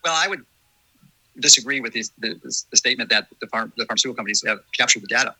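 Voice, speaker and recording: Guy hosting a chat, talks fast n earnest, bright kinda raspy voice. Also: medium pitch, no echo, rough recording. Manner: earnest, emphatic, with restarts. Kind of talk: casual discussion.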